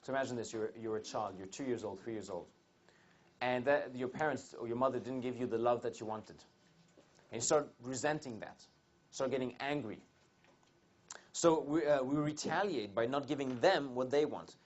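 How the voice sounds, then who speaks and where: Animated male seminar speaker. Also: mid-range voice, normal speed, highs cut off. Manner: animated storytelling, asks the audience questions. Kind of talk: motivational seminar talk. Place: seminar room with live audience.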